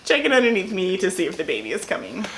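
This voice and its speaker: Mother recounting her birth story, low-pitched, wry and teasing, light background hiss. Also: huge pitch swings, fast. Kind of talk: casual storytelling chat.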